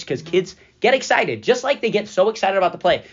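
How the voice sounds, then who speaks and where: Fast-talking joking male school podcast host. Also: high voice, breathy edge, dull audio. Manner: energetic, joking, talks in rushes with likes. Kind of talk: casual chat.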